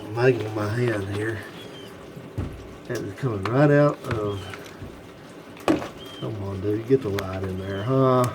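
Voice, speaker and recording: A man's voice: on the low side, takes it slowly, long pauses, heavy background noise. A man, talking folksy and explaining a car repair while filming it on a handheld phone outdoors. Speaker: mechanic, channel host. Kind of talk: hands-on repair demonstration. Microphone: handheld phone camera.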